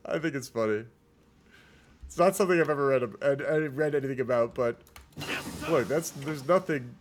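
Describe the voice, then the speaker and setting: A laid-back man casually commentating a strategy game on stream. His voice sits at a middling pitch, and he rambles, swears and keeps calling everyone "man". Soft music plays underneath him.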